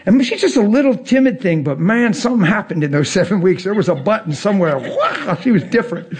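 A man preaching a personal testimony with animated storytelling, laughing as he swings from hushed to loud. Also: high-pitched, a little fast, few pauses, a little hiss or hum. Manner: laughs through his words. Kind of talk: testimony sermon.

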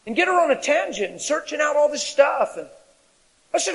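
A male preacher with a high voice delivers an animated sermon, swinging from quiet, low stretches to loud shouted peaks. His voice carries a long reverb from a large church hall. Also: a little fast.

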